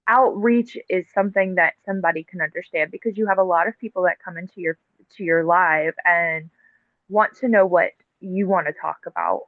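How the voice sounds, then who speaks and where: A woman's voice: lowish voice, no echo. A woman speaks as a podcast guest, explaining things in a loose, filler-heavy way. Her voice arrives over a thin, phone-like line with a dry, close sound. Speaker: podcast guest, TikTok live host. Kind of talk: casual conversational interview.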